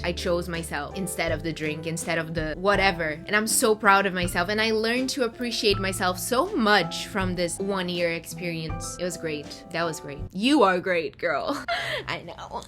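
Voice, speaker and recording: A young woman talking candidly and expressively in a personal vlog, swearing casually. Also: mid-range voice. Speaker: vlogger. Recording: music playing underneath.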